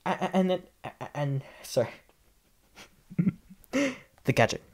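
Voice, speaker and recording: A man's voice: high voice, very animated, takes it slowly. A man from Australia with an Australian accent, a gaming YouTuber doing casual commentary, ranting in an exasperated way, repeating himself and stumbling over words.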